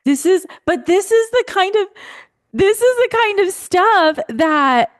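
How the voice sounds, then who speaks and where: Upbeat woman podcast host, high voice that jumps around a lot. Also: lively intonation, takes it slowly. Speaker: podcast host, beauty coach. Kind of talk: casual interview chat.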